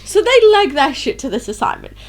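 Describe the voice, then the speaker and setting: Young woman, podcast co-host, playful and sweary, high and swooping delivery. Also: very animated, a little fast, slight background noise. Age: young adult. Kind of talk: casual chat.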